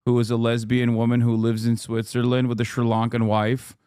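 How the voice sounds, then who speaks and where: A man's voice: mid-range voice, completely flat delivery, brisk, warm tone, clean tone, no room sound, clean studio sound. Sarcastic, swearing male streamer. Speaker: streamer reacting to a news report. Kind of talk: casual live-stream commentary.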